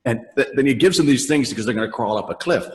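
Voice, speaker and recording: A man's voice: mid-range voice, expressive, quick pace. An older man, a voice actor guest, telling rambling stories in a casual interview, laughing often and acting out lines. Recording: long reverb on the voice.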